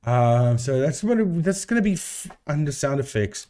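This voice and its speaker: Chatty animated man streaming live. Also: mid-range voice, normal speed. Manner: chatty, talks to chat and thinks aloud. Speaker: live-stream host debunking ghost videos. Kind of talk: casual live-stream commentary.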